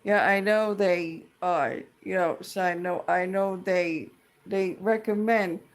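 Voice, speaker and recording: A woman's voice: lowish voice, steady tone, slow pace. A woman ranting in a casual vlog, profane, rambling and indignant as she vents like a fed-up tenant. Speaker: tenant venting about a dispute.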